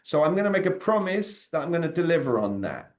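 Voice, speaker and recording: A man, leading an interactive sales communication training over a video call and quizzing his audience. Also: a little high. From Britain. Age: 40s. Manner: energetic, quizzes the audience with quick questions.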